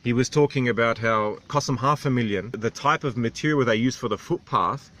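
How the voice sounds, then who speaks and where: A man's voice: medium pitch, fairly quick, a bit bright. An Australian man in his thirties, telling stories in a rambling, candid vlog. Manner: rambling, candid, self-deprecating. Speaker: vlogger. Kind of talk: casual vlog storytelling.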